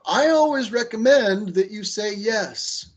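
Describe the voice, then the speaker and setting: A man with a slightly higher voice presents a training session over a video call. He talks in a loose, conversational way, full of fillers and restarts, and he gives firm advice. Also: expressive, unhurried.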